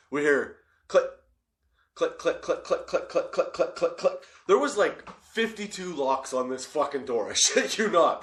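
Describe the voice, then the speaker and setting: A man's voice: medium pitch, reverberant. A young man hosting a comedy podcast, telling a story with lots of swearing and frequent laughter. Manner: animated, laughs often, swears freely. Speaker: podcast host.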